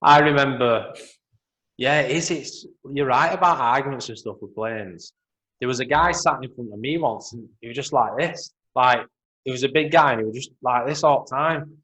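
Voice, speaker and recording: A man's voice: medium pitch, moderate pace, fairly bright tone, low-quality recording. A man co-hosting a podcast, trading blunt, sweary banter in casual chat. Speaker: podcast co-host.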